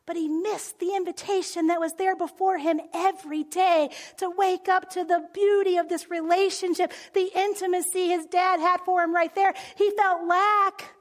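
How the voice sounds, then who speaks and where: Very high-voiced woman preaching. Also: normal speed, few pauses. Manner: animated, drops to soft near-whisper. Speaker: speaker. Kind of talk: conversational sermon.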